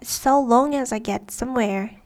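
A woman's voice: a little high, a little slow, darkish tone, natural voice. A woman voicing a polite, curious young girl who keeps asking questions.

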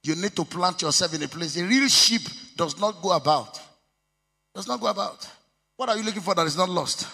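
Nigerian pastor, male, bright gravelly voice, sing-song sermon cadence with shouted peaks. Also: high-pitched, lively intonation, a little fast. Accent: Nigerian, Yoruba. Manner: code-switching, bursts of shouting, sing-song emphasis. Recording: long reverb of a hall.

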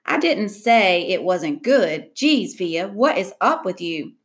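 A woman reading aloud gives voice to a caring mother worn down by a long day, in an audiobook. Her tone stays close to the reader's own, with mid-range pitch. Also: sing-song, takes it slowly. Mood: exasperated. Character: caring but weary mother.

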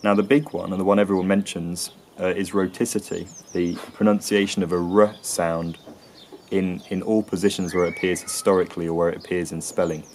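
An English man with an English accent explaining accents and sounds in a lesson, often pausing with ums and restarting phrases. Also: low voice, little pitch movement, darkish tone, a little hiss or hum. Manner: hesitant, frequent ums and restarts. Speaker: accent and linguistics presenter.

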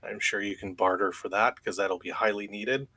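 Guy with a bright edgy voice, pretty matter of fact. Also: fairly low pitch, steady tone, normal speed. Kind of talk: casual group chat.

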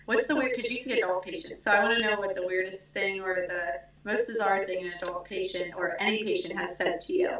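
A woman's voice: medium pitch, steady tone, brisk, few pauses, fairly bright tone. A woman, a pediatric dentist, chatting as a podcast guest in a friendly way. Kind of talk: casual interview chat. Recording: very echoey, dull remote audio.

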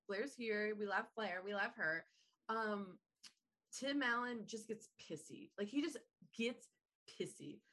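A woman co-hosting a casual chat show, recapping a movie with swearing and acted-out quotes. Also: medium pitch. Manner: animated, swearing, acts out quotes. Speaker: podcast co-host.

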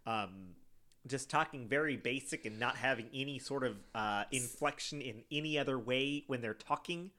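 A man's voice: medium pitch, normal speed, pushed and bright. A young man with a Southern American accent, co-hosting a podcast in casual banter, rambling with lots of fillers and restarts and some swearing. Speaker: podcast co-host. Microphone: headphones and studio mic.

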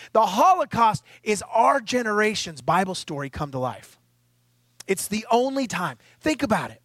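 A man's voice: sits high, a bit bright, no room sound. A middle-aged man preaching a sermon as pastor, emphatic and conversational with rhetorical questions, at times tearful and choked up.

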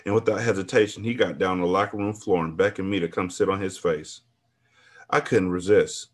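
Laid-back, low-voiced man reading aloud. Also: fairly even intonation, a little fast. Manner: profane, laid-back, laughing asides. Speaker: podcast host reading a novel aloud. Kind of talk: casual book reading and commentary.

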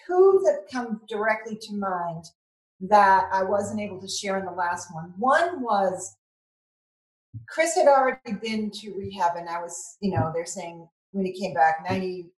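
A middle-aged mother, appearing as a guest, shares a personal story in conversation about her son's addiction recovery. Her mid-range voice is expressive, earnest and halting, and she often restarts sentences as emotion breaks through. The recording has a roomy echo.

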